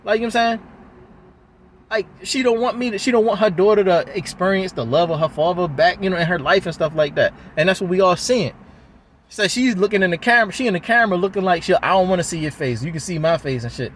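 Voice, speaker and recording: A man's voice: sits high, fast, fairly bright tone, a little hiss or hum. A man from talking to the camera, venting in a heated, rambling way and swearing often. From Baltimore, USA. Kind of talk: emotional venting monologue.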